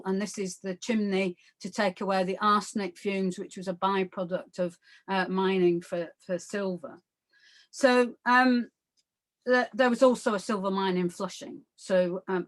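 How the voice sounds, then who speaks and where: A woman giving an art history lecture in a conversational way, full of fillers and asides, often checking in with her listeners. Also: medium pitch. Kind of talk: illustrated lecture.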